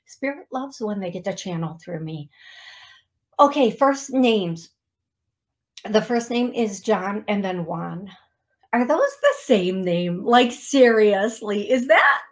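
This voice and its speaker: A woman's voice: mid-range voice, animated, takes it slowly. A woman hosting a psychic medium radio show, chatty and self-deprecating, often laughing at herself. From United States. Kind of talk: casual radio show talk.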